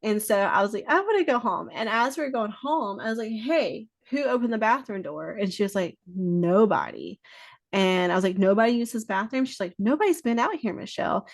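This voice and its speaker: A woman with a mid-range, sing-song voice speaks at a moderate pace in a dry recording. As a podcast guest in a casual chat, she tells stories, swears freely, and acts out what people said.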